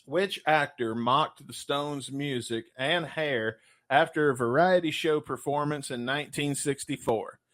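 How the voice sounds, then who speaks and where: A man co-hosting a casual podcast and reading quiz questions, loud and crude with lots of joking. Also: on the high side, unhurried. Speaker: podcast co-host.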